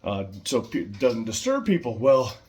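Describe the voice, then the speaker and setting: A man casually showing his pet birds at home, chatting in a rambling way with fillers and soft laughs. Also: mid-range voice, big pitch swings, normal speed.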